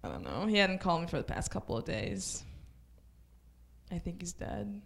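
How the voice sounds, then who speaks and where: A woman from Israel with an Israeli accent and Hebrew as her first language, doing a stand-up set at a small comedy club with offhand dark jokes and lots of "like" fillers. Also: on the low side, very animated, normal speed, gravelly. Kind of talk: open-mic stand-up set.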